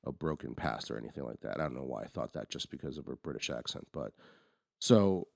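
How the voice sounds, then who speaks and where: Very deep-voiced man, rambling podcast chat. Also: animated, a little fast, creaky, dry recording, clean studio sound. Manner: rambling, frequent restarts and fillers. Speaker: podcast co-host. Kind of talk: casual movie review chat.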